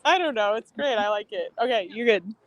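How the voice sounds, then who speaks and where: Brief: lively, high woman, chatty and rambling, phone mic outdoors, faint traffic behind. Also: fairly quick, dry recording, rough recording. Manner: chatty, filler-heavy, lots of "like". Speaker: guest painter on a live stream. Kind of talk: casual chat. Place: outdoors on a street. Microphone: phone held while walking.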